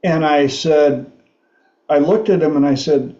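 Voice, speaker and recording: A man hosting a talk show, telling a story slowly and haltingly, laughing often. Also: fairly high pitch, warm tone, echoey room, muffled recording. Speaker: host.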